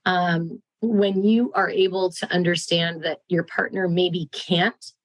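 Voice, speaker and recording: A woman who teaches human sexuality, guest on a podcast, explaining relationship ideas at length and acting out quoted voices with jumps in pitch. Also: fairly even intonation, slow pace, no room sound, poor audio. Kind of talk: casual podcast chat.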